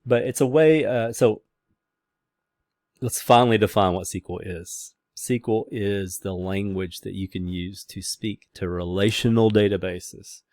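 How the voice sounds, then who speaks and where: A man's voice: lowish voice, a little slow, darkish tone, no echo, studio quality. A man lecturing a class in a casual, rambling way, with many fillers and restarts.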